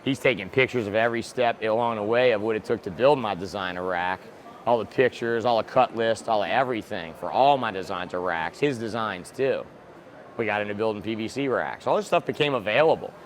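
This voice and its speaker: A man's voice: fairly low pitch, a little fast, a little hiss or hum. A man guest in a casual interview, a reptile breeder who talks bluntly and swears freely, recorded outdoors. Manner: blunt, profane and excitable.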